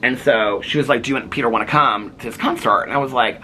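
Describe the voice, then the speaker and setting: A man's voice: medium pitch, a little fast, bright, forceful tone, a little hiss or hum. A man vlogger telling a long casual story, rambling with many fillers and acting out what others said. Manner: rambling, lots of "like", quotes others in raised voice.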